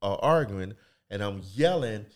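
A man's voice: fairly low pitch, lively intonation, a little slow. A man chatting casually on a podcast, blunt and slangy, often agreeing with the others.

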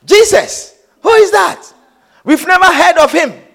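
A man's voice: very high-pitched, animated, measured pace, a bit bright, exaggerated voice. A man voicing a skeptical young man who asks incredulous, mocking questions. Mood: scoffing.

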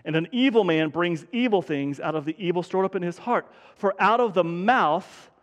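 A male pastor with a high voice delivers a conversational sermon and drives home his points by repeating them. His voice carries a long reverb from the church hall. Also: moderate pace, highs cut off. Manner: conversational preaching with emphatic repetition.

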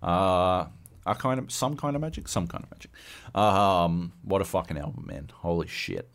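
Animated, swearing male podcast co-host. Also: deep voice, normal speed. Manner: profane, animated ranting. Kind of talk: casual podcast banter.

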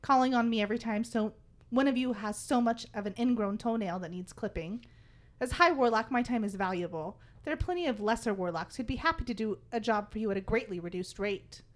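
Woman reading a proud, aloof warlock, fairly high voice, stiff and cool. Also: fairly quick, close to an everyday voice.

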